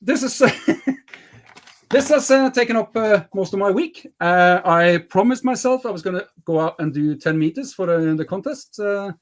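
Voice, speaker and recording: A man co-hosting a casual chat about his week, talking with lots of pauses and fillers. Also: high-pitched, expressive. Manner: hesitant, many fillers. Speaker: co-host. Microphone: headset.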